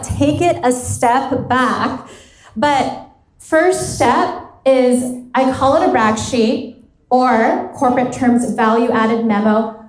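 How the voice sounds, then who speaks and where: A woman's voice: on the high side, darkish tone. A woman in her thirties giving a live motivational workshop talk as a career coach, chatting casually with lots of "like" and acting out bits of dialogue. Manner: conversational, peppered with "like", acts out quoted dialogue. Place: event hall at a women's retreat. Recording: roomy echo of a live hall.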